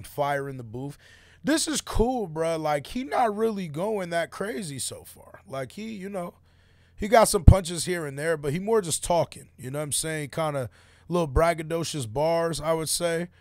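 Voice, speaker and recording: A man's voice: fairly high pitch, normal speed, darkish tone, no room sound, clean studio sound. A man giving casual, slang-heavy reaction commentary on a song he is playing, full of fillers like "like" and "you know.". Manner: laid-back slangy opinions, many fillers. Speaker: music reaction host.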